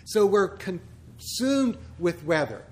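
A man's voice: sits high, sing-song, slow pace, a little mellow. A man, a pastor, giving a conversational church teaching full of humorous asides and rhetorical questions.

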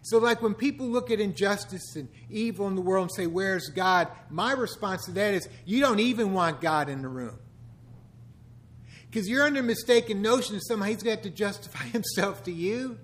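A man's voice: sits high, animated, fairly quick, fairly bright tone. A man in his sixties, a pastor giving a conversational sermon full of wry, joking asides.

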